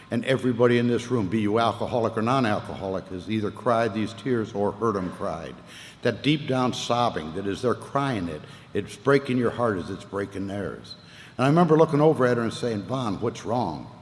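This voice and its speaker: A man giving a personal testimony talk at a recovery meeting, telling his story with earnest feeling and casual Southern speech that swells and sinks. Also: on the low side. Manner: casual Southern speech, 'ain't' and 'wasn't no'. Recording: reverberant hall, faint ambient noise.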